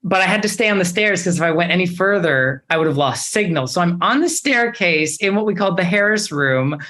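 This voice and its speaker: Young man telling a lively story. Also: high-pitched, fairly quick. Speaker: actor guest. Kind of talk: casual interview storytelling.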